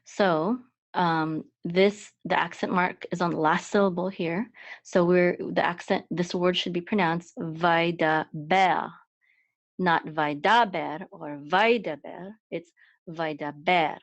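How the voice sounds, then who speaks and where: A woman's voice: lowish voice, steady tone, a little slow, no echo. A woman teaching a Hebrew reading lesson step by step, patiently repeating each sound several times. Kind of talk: slow step-by-step language lesson. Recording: dull dry lo-fi recording.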